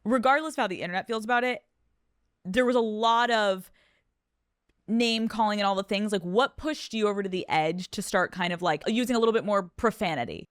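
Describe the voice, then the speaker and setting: A woman's voice: medium pitch, brisk, clean tone, no echo, studio quality. A woman hosting a casual interview, asking frank, chatty questions. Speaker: podcast host.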